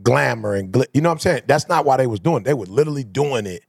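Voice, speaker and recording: A man's voice: mid-range voice, animated, quick pace, gravelly, a little mellow, husky, no room sound, studio quality. A man hosting a casual conversation, asking reflective questions. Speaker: host.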